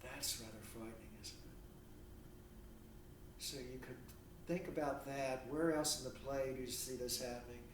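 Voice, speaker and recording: A man's voice: medium pitch, fairly even intonation, normal speed, long pauses, background noise. A man giving a lecture who asks rhetorical questions and acts out imagined dialogue. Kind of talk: recorded university lecture. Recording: echoey room, mic at a distance.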